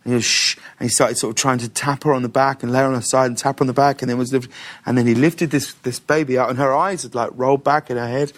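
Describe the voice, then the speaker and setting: A middle-aged man, telling stories in a casual interview with an animated, laughing manner. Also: medium pitch, fast. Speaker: talk show host, guest.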